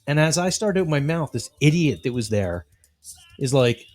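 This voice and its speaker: Animated man telling stories. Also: on the high side, brisk, faint music behind. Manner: animated storyteller, acts out quotes. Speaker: podcast co-host. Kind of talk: casual chat.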